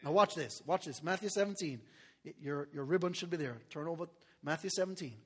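A man preaching a sermon as pastor, animated, laughing often and calling for responses from the congregation. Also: a little high, brisk, husky, in a large hall.

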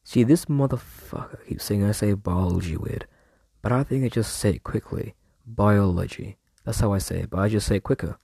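A man's voice: lowish voice, fairly quick, creaky, dark tone, slightly rough, dry recording, clean studio sound. A young man, rambling casually through a podcast monologue at home. He trails off and jokes at his own expense in slang. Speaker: podcast host. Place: room at home.

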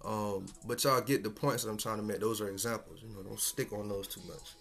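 A man's voice: fairly low pitch, fairly even intonation, fairly quick, gravelly, a bit bright. A man hosting a casual solo podcast, talking in a laid-back, slangy and profane way and chuckling often. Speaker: podcast host.

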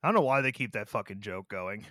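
A man co-hosting a casual movie review podcast, talking in an animated, sarcastic way and swearing freely. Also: fairly low pitch, fast talker, dry recording, clean studio sound. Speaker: podcast co-host.

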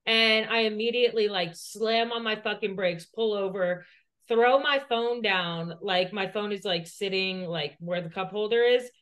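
Speaking a little slowly in a medium-pitched, fairly bright voice, a woman co-hosts a podcast. She rambles through a personal story, using profanity and a lot of "like".

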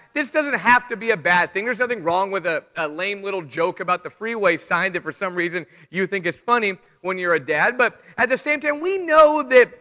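Bright-voiced man preaching in a church hall. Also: extremely high pitch. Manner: conversational storytelling, animated asides. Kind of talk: church sermon with announcements. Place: church sanctuary.

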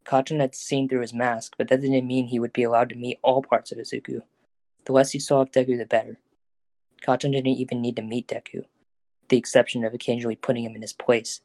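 A man narrates a fan audio drama in a steady, even storytelling voice. His pitch stays mid-range and fairly flat, and the recording is dry and close. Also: brisk, no room sound.

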